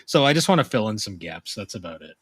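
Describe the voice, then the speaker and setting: Laid-back deadpan male podcaster. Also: lowish voice, fast talker, breathy edge, no echo. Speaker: podcast co-host. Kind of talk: casual chat. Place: podcast studio.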